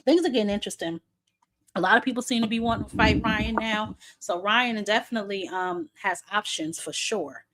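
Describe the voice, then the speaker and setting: A woman's voice: medium pitch, brisk, background noise. A woman hosting a casual boxing chat, blunt and talkative, calling out to viewers and swearing offhand, a bit short of breath. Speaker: boxing commentary host.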